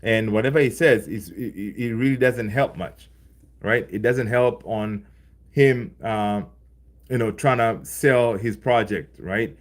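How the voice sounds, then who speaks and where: A man hosting a casual football livestream, rambling and animated, packing his talk with fillers and "right?". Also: fairly low pitch, measured pace. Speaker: football channel livestream host.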